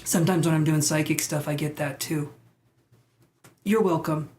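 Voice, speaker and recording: A man's voice: on the high side, steady tone, moderate pace, darkish tone, slight background noise. A man reading tarot on a live stream, chatting casually and rambling as he reacts to viewer comments.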